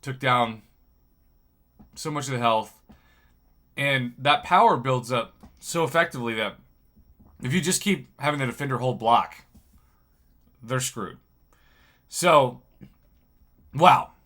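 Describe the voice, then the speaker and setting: A man's voice: mid-range voice, lively intonation, a little slow, long pauses, fairly bright tone. A man giving casual commentary over game footage as a video host, groggy after a bad night's sleep, explaining plays in an analytical, upbeat way.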